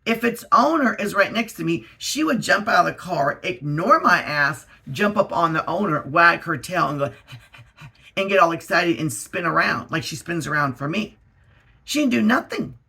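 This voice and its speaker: Gravelly, bright-voiced man telling a story. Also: on the high side, normal speed. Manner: chatty, animated storytelling with many "like" fillers. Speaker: vlogger. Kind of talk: casual storytime.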